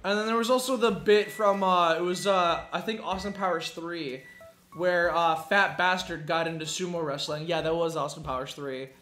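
A man's voice: fairly high pitch, moderate pace, a little hiss or hum. A man casually chatting while live streaming a game, telling stories with lots of swearing and laughter. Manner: profane, laughing, animated storytelling. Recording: roomy echo.

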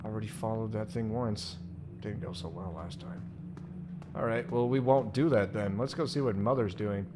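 A young man giving excitable, swear-filled let's play commentary on a horror game, yelping and shouting at scares. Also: fairly low pitch, moderate pace, noisy background. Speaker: gamer.

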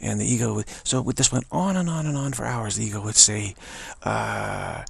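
A man gives an earnest spiritual talk as a teacher. His voice is gravelly and a little husky, and it sounds dry and close. He speaks haltingly and often repeats his words. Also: on the low side, no room sound.

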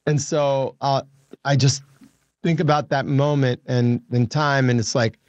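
A man's voice: medium pitch, fairly even intonation, unhurried, dry recording. A man in his seventies chatting as a guest, laughing easily and restarting his sentences. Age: 70s. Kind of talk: casual chat.

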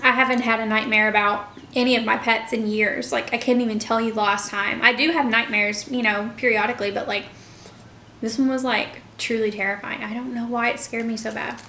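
A woman's voice: fairly high pitch, steady tone, fairly quick, pushed and bright, reverberant, slight background noise. A young woman chatting casually to her viewers in a mukbang vlog, full of fillers like "like" and "you know". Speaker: vlogger. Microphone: camera mic.

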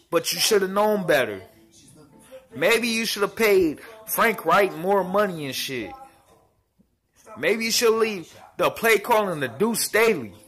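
A man delivers a heated, profanity-laced fan rant, circling back to the same complaints again and again. His voice sits a little high and has a sharp, bright edge. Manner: profane and heated, repeats himself. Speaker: sports fan vlogger.

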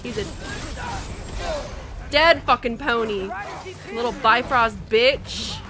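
A woman's voice: on the high side, slow pace. A woman streamer giving casual, profane, frustrated commentary while playing a game, with game music behind.

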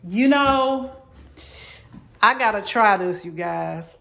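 A woman's voice: medium pitch, lively intonation, takes it slowly, gravelly, fairly bright tone. A woman giving a casual, chatty tour of a modular home, somewhat out of breath, recorded on a handheld phone indoors. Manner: chatty, repeats "really lovely". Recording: echoey empty rooms.

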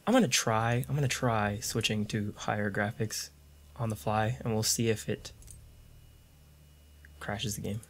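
A man's voice: lowish voice, fairly even intonation, a little slow, long pauses, fairly bright tone. A man giving joking, sarcastic commentary while playing a video game, with audible mouth clicks. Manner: joking, sarcastic running remarks. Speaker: gaming video creator.

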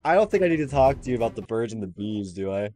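Young man yelling and mumbling while gaming. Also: on the low side, sing-song, fast. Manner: loud swings between mumbling and yelling, swears a lot. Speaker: gaming YouTuber. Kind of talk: casual gaming chat with friends.

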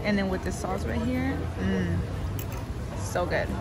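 A woman in her late twenties talking casually to her viewers as a vlogger, chatty and excitable, swearing often. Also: mid-range voice, a little slow, heavy background noise. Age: late 20s. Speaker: vlogger, boutique owner. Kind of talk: casual vlog chat.

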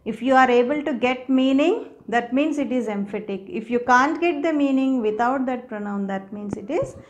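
A woman's voice: high-pitched, normal speed, dull audio. A woman teaching a grammar lesson, explaining patiently step by step and often checking in with her students. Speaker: English teacher.

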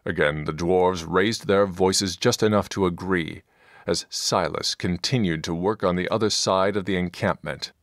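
A man narrating a fantasy audiobook in a measured, deadpan way, close to the microphone. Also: deep voice, dry recording. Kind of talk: scripted narration.

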